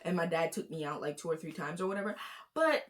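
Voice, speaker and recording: Young woman, from Florida, casual reaction commentary, chatty, lower-pitched voice. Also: quick pace, a little hiss or hum. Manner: chatty, animated, lots of fillers. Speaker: commentary YouTuber.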